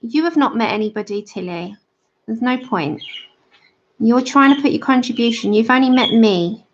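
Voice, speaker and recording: A woman's voice: a little high, lively intonation, moderate pace. A woman hosting a livestream, chatting casually while she colors and answers viewers in the chat. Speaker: livestream host. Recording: slightly dull lo-fi sound.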